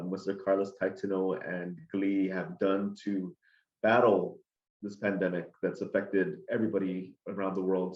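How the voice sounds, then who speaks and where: A man's voice: low voice, darkish tone, roomy sound, dull audio. A man moderating a conference panel, thanking the speaker in a formal, courteous way.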